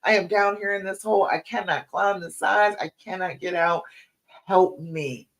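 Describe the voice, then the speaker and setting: A desperate woman trapped at the bottom of a hole, calling out over and over for someone to help her, as a storyteller puts her on. She pleads in a plain, everyday voice at a medium pitch. It sounds like a spoken anecdote told live. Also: fairly even intonation, normal speed, natural voice. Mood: pleading. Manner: pleading, repeated calls for help.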